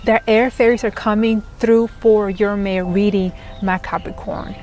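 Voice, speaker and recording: A woman giving an excited, gushing tarot reading, giggling as she talks. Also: medium pitch, measured pace, faint music behind. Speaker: tarot reader.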